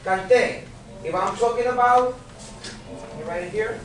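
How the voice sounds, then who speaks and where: A man's voice: high-pitched, moderate pace, a bit bright, a little hiss or hum. A man teaching a Spanish grammar lesson to a class, patient, often checking understanding with "okay?" and questions. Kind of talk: classroom lecture. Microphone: recorded from across the room. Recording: echoey classroom from a distance.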